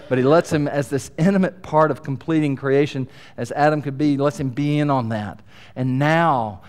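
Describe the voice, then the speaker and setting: Preaching with humor and liveliness, this middle-aged man moves between hushed side remarks and loud, forceful points in his sermon.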